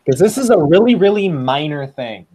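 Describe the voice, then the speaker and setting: A man acting as game master in a tabletop game. He talks in a relaxed, chatty way with ums and laughs. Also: a little high, normal speed, slight background noise. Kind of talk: running a tabletop game over voice chat.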